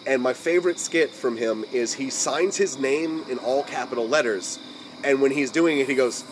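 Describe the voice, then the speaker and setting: A man's voice: medium pitch, normal speed, slight background noise, poor audio. Rambling American podcast host, man. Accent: General American. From United States. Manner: rambling, many restarts and "like" fillers. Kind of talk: casual chat.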